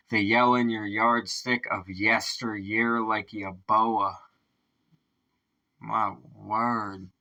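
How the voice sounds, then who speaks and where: A man's voice: fairly low pitch, gravelly, bright, forceful tone, rough recording. A man hosting a reaction video in casual commentary, swearing, laughing often and marveling aloud at the lyrics.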